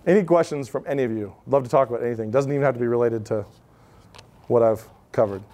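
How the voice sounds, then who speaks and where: A man's voice: medium pitch, fast talker, dark tone. A man in his thirties giving an informal talk to an audience, telling stories in a conversational way with many asides. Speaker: speaker at a live event.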